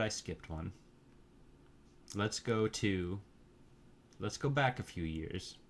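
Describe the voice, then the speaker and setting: Man, very low voice, casual rambling movie recap, crude and offhand, faint hiss behind. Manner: offhand, crude, meandering with many fillers. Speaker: movie reviewer.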